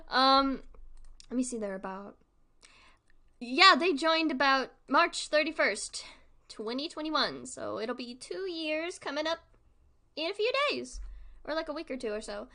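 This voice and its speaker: A woman's voice: high-pitched, expressive, measured pace, bright, forceful tone. A young woman streaming live, chatting casually and rambling, laughing often between thoughts. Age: young adult.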